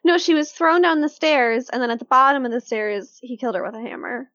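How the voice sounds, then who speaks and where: A woman co-hosting a casual true-crime podcast, telling the case in a chatty, animated way with lots of fillers. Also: high-pitched, brisk, dry recording, highs cut off.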